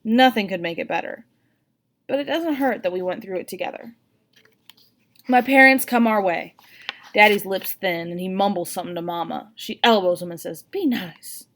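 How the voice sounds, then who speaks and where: A woman reading a novel aloud in an expressive, first-person narration. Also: medium pitch, normal speed. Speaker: audiobook reader.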